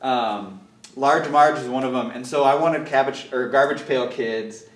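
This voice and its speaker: A man telling an animated story in casual chat, laughing often. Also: medium pitch, measured pace, slight background noise. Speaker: guest. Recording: roomy, from a distance.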